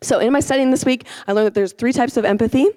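A woman's voice: a little high, fast talker, dark tone, no echo. A woman teaching an informal sermon, chatty and self-deprecating, with many fillers and restarts.

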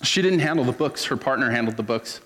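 A man's voice: medium pitch, animated, quick pace, a bit bright, long reverb tail. A man preaching a sermon as a pastor, in an earnest, conversational storytelling manner.

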